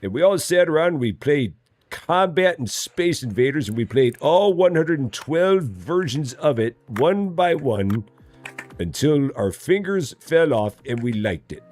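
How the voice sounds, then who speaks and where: A man's voice: a little high, sing-song, measured pace, a little mellow, faint music behind, voice pushed up. A man putting on the voice of a grumpy old man griping that things were tougher in his day. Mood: grumbling nostalgic. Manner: cranky old-timer griping about modern things.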